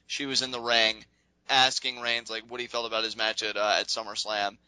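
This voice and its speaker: A man co-hosting a casual wrestling recap podcast, talking in an animated, rambling way and laughing often. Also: lowish voice, brisk, clear, resonant tone, dry recording, rough recording. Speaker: podcast co-host.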